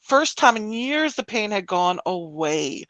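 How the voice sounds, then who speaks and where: A woman's voice: mid-range voice, big pitch swings, measured pace, a bit bright, no room sound, low-quality recording. A woman co-hosting a live stream, reading chat comments and talking about her own experiences in a matter-of-fact way. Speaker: stream co-host. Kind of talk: casual chat.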